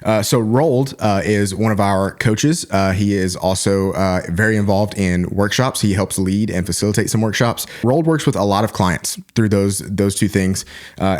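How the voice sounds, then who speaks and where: A man hosting a relationship podcast, introducing his guest casually with frequent filler sounds. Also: fairly low pitch. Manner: casual, many filler uhs. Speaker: podcast host.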